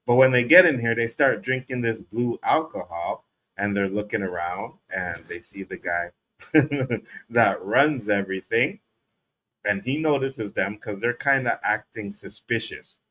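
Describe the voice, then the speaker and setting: A man co-hosting a casual show recap, animated and laughing often as he acts out lines from scenes. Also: fairly low pitch, unhurried. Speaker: podcast co-host.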